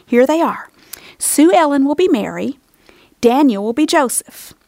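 A woman voicing a kind, caring schoolteacher in a storybook reading, gentle and reassuring. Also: high voice, expressive, measured pace, gravelly, dry recording, studio quality, pitched above the performer's own voice, exaggerated voice.

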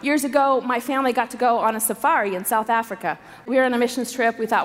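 Delivering an earnest, story-rich sermon to a women's conference, a woman leans on emphatic repetition. Her voice is on the high side and fast with few pauses, and the live recording in the large conference hall has a long reverb.

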